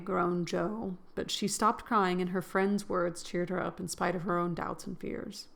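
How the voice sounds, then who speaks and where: A woman reading a classic novel aloud, lending the characters' lines an expressive lift in her voice. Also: unhurried, vocal fry, hardly any pauses. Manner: reads expressively, voicing characters' lines with rising pitch. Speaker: audiobook reader.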